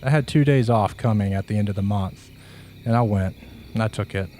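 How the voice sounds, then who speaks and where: A man narrating a first-person horror story in a slow, measured, hushed way. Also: on the low side, a little hiss or hum.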